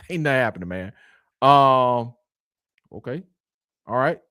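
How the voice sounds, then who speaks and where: Man as energetic sports show host, bright and swinging, dry close sound. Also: medium pitch, slow pace, no room sound. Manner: animated, greets viewers by name, slangy. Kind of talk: casual sports chat.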